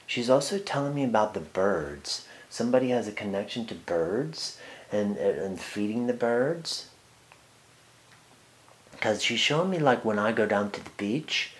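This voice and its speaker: Male medium, lowish voice, halting delivery full of ums and restarts during a sitter reading. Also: lively intonation. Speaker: psychic medium. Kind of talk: one-on-one spirit reading.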